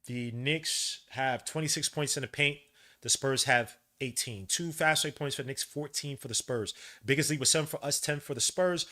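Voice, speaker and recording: A man's voice: medium pitch, normal speed. Fired-up New man calling a game. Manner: excitable, frustrated outbursts, slangy banter. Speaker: podcast host. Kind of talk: live watch-along play-by-play commentary.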